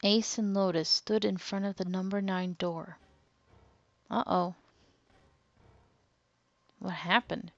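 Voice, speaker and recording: Woman, let's play host, slow measured reading, lively asides, dull dry recording. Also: mid-range voice, dry recording. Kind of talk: reading a game's text aloud with commentary.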